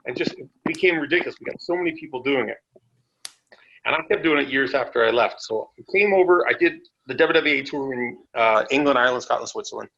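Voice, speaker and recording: A man's voice: fast talker, dull audio. A man guesting on a podcast, telling road stories casually from home over a call. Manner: relaxed storyteller who puts on a silly high voice. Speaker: interview guest. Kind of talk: casual storytelling.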